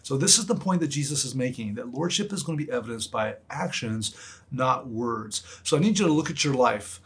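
Husky-voiced man preaching earnestly. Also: mid-range voice, lively intonation, a little fast. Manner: earnest, emphatic preaching with repetition. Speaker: pastor. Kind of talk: sermon.

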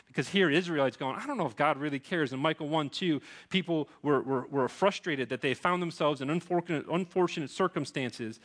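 A man's voice: on the high side, fairly bright tone. A man in his thirties preaching a sermon as pastor, earnest and pleading, with frequent restarts.

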